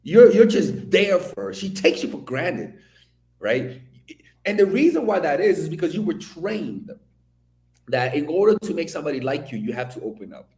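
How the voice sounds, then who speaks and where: A man from the Dominican Republic giving a blunt, profane commentary monologue, with animated storytelling. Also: on the high side, moderate pace, echoey room. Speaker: video commentator.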